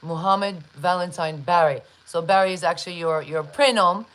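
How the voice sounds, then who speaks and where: A woman hosting a live online interview, chatty and enthusiastic, with many shout-outs. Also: lowish voice, normal speed, low-quality recording. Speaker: interview host.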